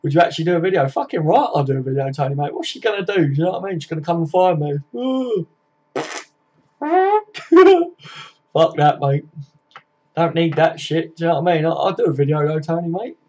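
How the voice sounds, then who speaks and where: A man's voice: on the high side, rapid-fire, a little mellow. Matey man on a lo-fi stream. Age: 40s. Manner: chatty, matey, swears freely, calls viewers mate. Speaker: live stream host. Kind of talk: casual live stream chat, reading viewer comments. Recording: dull lo-fi stream audio.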